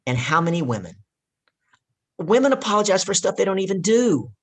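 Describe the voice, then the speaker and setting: Brief: husky woman coach, emphatic storyteller, middle-pitched voice. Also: very animated, fairly quick. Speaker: guest, leadership coach. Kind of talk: casual interview talk.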